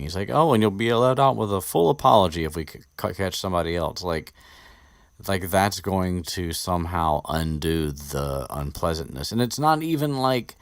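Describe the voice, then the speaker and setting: A low-voiced man rambles through a casual podcast chat, swearing freely and restarting his sentences. The sound is dry and close, with no room echo. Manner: rambling, profane, restarts often. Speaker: podcast host discussing a book.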